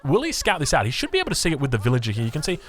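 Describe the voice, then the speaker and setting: A man with an Australian accent casting a strategy game match, excitable and rambling, with chatty asides. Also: mid-range voice, very fast. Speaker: game commentator. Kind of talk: casual live strategy game commentary.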